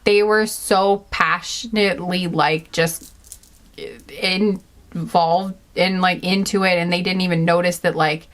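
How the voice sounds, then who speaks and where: A woman's voice: steady tone, slow. A woman giving a casual pick-a-card reading, rambling and giggling, with "like" in nearly every phrase. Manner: rambling, says 'like' constantly, giggly; acts out quoted reactions in a higher pitch. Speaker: tarot card reader.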